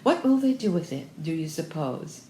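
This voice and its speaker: A woman's voice: deep voice, big pitch swings, normal speed, warm tone, a little hiss or hum. A chattering, emphatic older country lady who rambles breathlessly from one aside to the next, as a woman reads her. Her voice swoops widely up and down, set in a roomy, echoing space. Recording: roomy echo.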